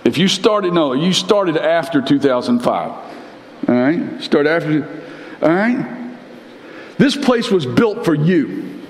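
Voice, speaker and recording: A fairly high-voiced man preaching to his congregation, throwing his voice up and down and repeating words to press his point. His voice rings with the long reverb of a large church sanctuary. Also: slow, long pauses, slight background noise. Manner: animated preaching with big pitch swings, repeats words for emphasis. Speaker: pastor. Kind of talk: sermon.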